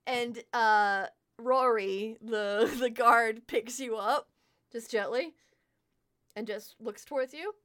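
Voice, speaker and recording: Playful woman GM, slightly high voice, quick to laugh while narrating a tabletop scene. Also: a bit bright. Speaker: game master.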